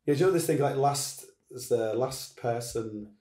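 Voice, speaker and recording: A man's voice: mid-range voice, normal speed, dark tone, reverberant. A man hosting a casual chat, rambling and restarting his sentences. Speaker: podcast host.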